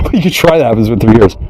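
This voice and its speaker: A man in a rambling, profane monologue who keeps breaking into mocking high voices. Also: a little mellow, slight background noise, low-quality recording.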